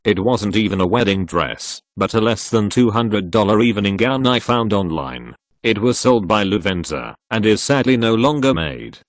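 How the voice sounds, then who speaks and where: A man narrating online posts aloud, reading the text literally and even spelling out links and web slang. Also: lowish voice, moderate pace, hardly any pauses, dry recording, studio quality.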